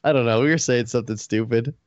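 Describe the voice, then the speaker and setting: A man's voice: mid-range voice, fast, no echo. A man hosts a podcast in loose casual chat. He rambles, leans on "like" constantly and laughs often. The recording is dull and lo-fi, with a dry, close sound. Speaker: podcast host.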